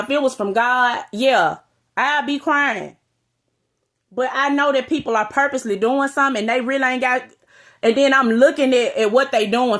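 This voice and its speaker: A woman's voice: on the high side, a bit bright. Blunt, profane woman ranting to camera. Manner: blunt, profane, calls out listeners with "you hear me?". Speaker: vlogger. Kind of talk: direct-to-camera rant.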